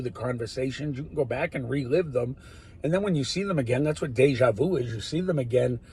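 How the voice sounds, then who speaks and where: A man talking in a rambling monologue, drifting between loud bursts and muttered, whispered asides. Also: mid-range voice, husky. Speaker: solo talker.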